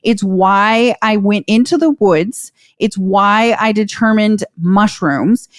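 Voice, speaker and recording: A woman's voice: mid-range voice, slow pace, no echo, clean studio sound. A woman guest on a podcast, talking casually and emphatically, swearing and exclaiming as she goes. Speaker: podcast guest, herbal company founder.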